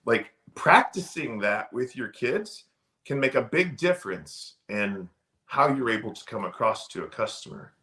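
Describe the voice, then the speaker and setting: A middle-aged man speaks with a lively, swinging pitch, leaning hard on key words as he tells stories. His voice sits in a middle register for a man. He talks in a relaxed interview style. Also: unhurried. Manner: emphatic, storytelling delivery. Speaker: sales trainer guest. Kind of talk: casual interview talk.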